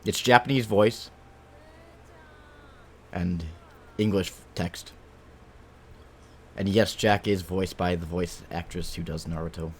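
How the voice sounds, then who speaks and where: A man streaming a game and chatting casually with his viewers, relaxed and musing aloud, sometimes talking while he eats. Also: deep voice, takes it slowly, long pauses, breathy edge.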